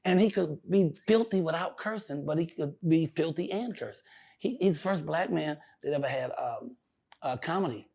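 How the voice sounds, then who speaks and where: An older male comedian telling stories in a casual interview, profane and animated, often laughing. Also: fairly high pitch, moderate pace, gravelly.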